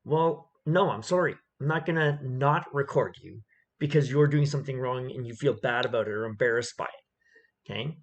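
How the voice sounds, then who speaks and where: A man's voice: medium pitch, normal speed. A man giving opinionated commentary on a video clip, emphatic and repetitive, often checking in with "okay?".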